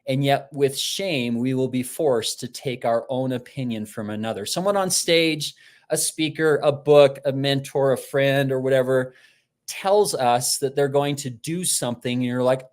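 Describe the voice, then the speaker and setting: A man speaking live as a motivational speaker, with an ordinary mid-range pitch. He tells stories in an animated way and acts out the voices he quotes. He talks in a loose, conversational way and restarts his sentences often. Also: measured pace. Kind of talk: live-streamed motivational talk.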